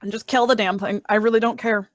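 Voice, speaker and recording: A woman's voice: on the high side, steady tone, quick pace, no echo. A woman playing a tabletop game, talking bluntly and casually, swearing offhand and laughing. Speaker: player.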